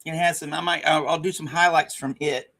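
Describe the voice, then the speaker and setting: A man's voice: on the high side, fairly even intonation, fairly quick, creaky, bright, forceful tone. A man hosting a casual livestream, rambling and joking at his own expense with frequent stammered restarts. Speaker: livestream host.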